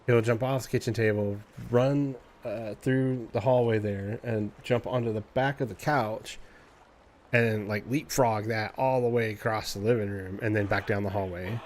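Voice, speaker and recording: A man streamer chatting casually, telling an animated story in a loose, profane way and imitating cat noises. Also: fairly low pitch, normal speed. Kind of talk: casual chat.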